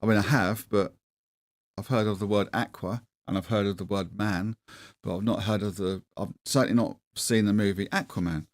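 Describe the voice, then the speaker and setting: A man's voice: lowish voice, steady tone, moderate pace, dry recording. A middle-aged man hosting a livestream, chatting casually in a rambling, self-deprecating way with many restarts. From England. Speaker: livestream host.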